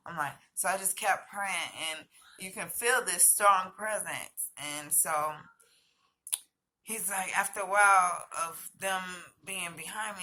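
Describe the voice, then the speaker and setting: A woman's voice: fairly low pitch, a little slow, pushed and bright, slight background noise. A woman telling a personal story as a vlogger, hesitant, with many fillers and restarts.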